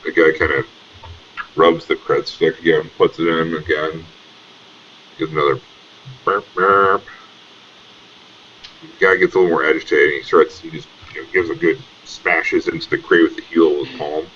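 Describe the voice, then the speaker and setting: Brief: man, game master, rambling casual narration, very low voice. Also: flat delivery, a little fast, fairly bright tone, a little hiss or hum. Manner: casual and rambling, many fillers. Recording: dull lo-fi audio.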